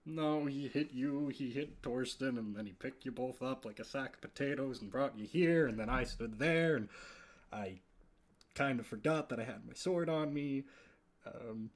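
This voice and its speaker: A wry adventurer played by a man in a tabletop game. He talks in rambling, self-mocking asides at a middling pitch. The voice stays close to plain conversational speech. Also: normal speed, natural voice.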